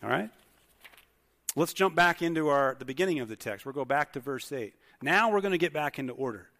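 A man's voice: fairly high pitch, expressive, brisk, bright, forceful tone. A male pastor preaching a sermon in a conversational way, putting many questions to the congregation. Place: church hall with congregation. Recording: long hall reverb.

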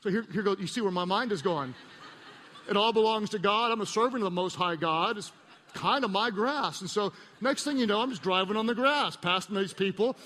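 A middle-aged male pastor preaching a sermon, an animated storyteller who acts out voices and pokes fun at himself. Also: high-pitched, brisk, in a large hall, slight background noise.

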